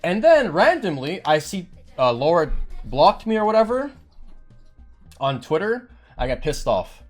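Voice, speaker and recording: A man's voice: on the high side, big pitch swings, unhurried, soft background music. A man streamer telling a heated, rambling story on his stream, swearing often.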